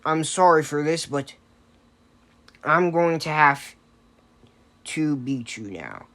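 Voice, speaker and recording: A man's voice: a little high, animated, slow pace, a bit bright, exaggerated voice. A man voicing a jovial, towering older male hero who speaks with cheerful politeness.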